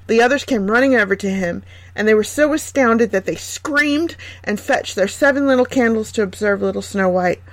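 A woman reading a fairy tale aloud in a gentle, measured way. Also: a little high, no echo. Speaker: storyteller.

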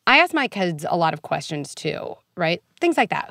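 A woman speaking as a guest psychologist in a podcast interview, earnest and animated, peppering her points with "like" and "right?". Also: lowish voice, gravelly, no echo, clean studio sound. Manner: animated, earnest, quick asides; frequent "like" and "right?" fillers.

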